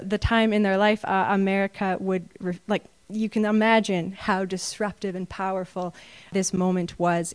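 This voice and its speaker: A woman's voice: medium pitch, no room sound. Earnest woman preaching a sermon. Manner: earnest, builds to emphatic peaks. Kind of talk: sermon with slides.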